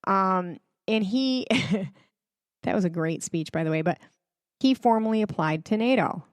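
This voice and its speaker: A woman hosts a casual religious commentary in clean studio sound with no room echo. Her mid-range voice is expressive and a little slow, and she speaks straight to her viewers in a chatty, emphatic way with plenty of fillers.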